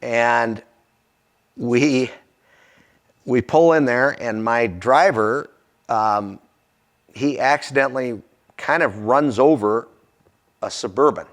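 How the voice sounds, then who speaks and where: A man's voice: medium pitch, slow pace, long pauses. Earnest man telling a story. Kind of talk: personal anecdote.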